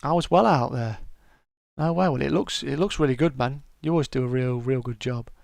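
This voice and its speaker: A man's voice: medium pitch, a little fast, vocal fry, darkish tone, dry recording, studio quality. A middle-aged man hosting a casual live-stream chat, greeting viewers by name and calling them mate.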